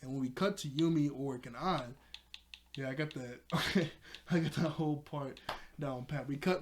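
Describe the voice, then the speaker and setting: A man casually recapping a cartoon episode for his review channel, chuckling often and getting excited as he retells it. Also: medium pitch.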